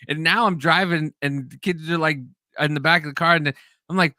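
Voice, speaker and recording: A young man hosting a podcast in casual chat, laid-back and swearing often, acting out yelled quotes in stories. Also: fairly high pitch, steady tone, a little fast, dry recording, clean studio sound. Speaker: podcast host.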